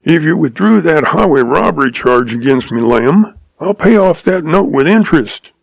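Guy putting on a sly old cowboy, drawl, pitched way up, a bit gravelly. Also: expressive, moderate pace, dry recording. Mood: sly calm. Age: older. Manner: folksy drawl, patient and amused. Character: shrewd old male cowboy, calm and sly.

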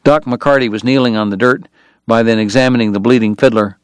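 A man giving measured, scripted audiobook narration of a western. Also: mid-range voice, fairly even intonation, smooth, no echo.

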